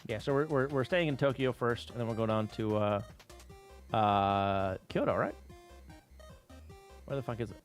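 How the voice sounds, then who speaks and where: A man's voice: lowish voice, normal speed, pauses often, faint music behind. A man livestreaming, casually telling rambling travel stories to his viewers with plenty of swearing. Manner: profane, rambling travel storytelling. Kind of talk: casual chat with stream viewers.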